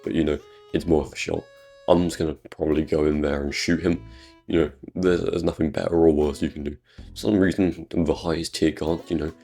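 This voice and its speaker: A man's voice: very deep voice, dark tone. A man with a British accent, rambling crude jokes over gameplay commentary. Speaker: gaming YouTuber.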